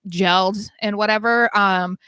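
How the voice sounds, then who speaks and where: A woman's voice: medium pitch, steady tone, measured pace, bright, forceful tone, clear, resonant tone, dry recording. A woman from New England co-hosting a sports podcast, chatting casually and laughing, with lots of "um" and "yeah, no". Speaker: co-host.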